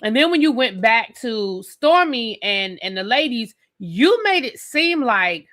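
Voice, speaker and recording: A woman's voice: a little high, sing-song, measured pace, fairly bright tone. A woman hosting a live stream who reviews a TV episode in an opinionated, sassy rant and talks straight to her viewers.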